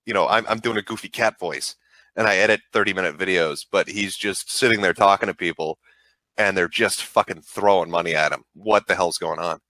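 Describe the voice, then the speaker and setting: Man, low-ish voice, bright, dry recording, profane, rambling. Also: brisk, no echo. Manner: profane, rambling, frank advice. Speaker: online show host. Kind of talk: casual call-in chat.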